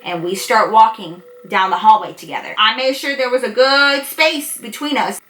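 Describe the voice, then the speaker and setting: A woman telling a personal story to her viewers in a casual, animated way, swearing and acting out both sides. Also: on the high side, moderate pace. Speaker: storytime vlogger. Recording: echoey room.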